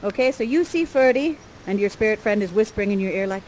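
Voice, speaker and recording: A woman's voice: mid-range voice, lively intonation, fast, a little mellow, a little hiss or hum, poor audio. A woman performing interactive live theater, guiding the audience through the scenes in a playful, theatrical, encouraging way.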